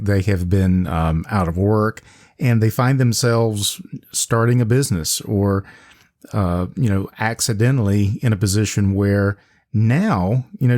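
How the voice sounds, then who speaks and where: Low-voiced male radio host. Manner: relaxed, with fillers. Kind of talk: radio interview.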